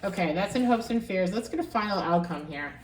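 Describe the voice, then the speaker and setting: Animated woman reading tarot cards. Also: mid-range voice, fairly quick, recorded from a distance, noisy background. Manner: animated, musing aloud, repeats phrases. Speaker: tarot reader. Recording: echoey room, voice from off-mic.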